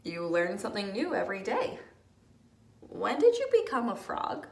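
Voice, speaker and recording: A woman voicing a curious, easily alarmed young male elephant in a children's storybook reading, asking slow, wondering questions. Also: mid-range voice, huge pitch swings, gravelly. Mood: astonished. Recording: echoey room, distant mic.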